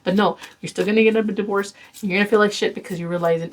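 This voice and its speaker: A woman's voice: medium pitch, fairly even intonation, racing, hardly any pauses, slight background noise, poor audio. A woman giving a casual tarot reading to camera, blunt and exasperated, swearing and lecturing her viewers. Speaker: tarot reader.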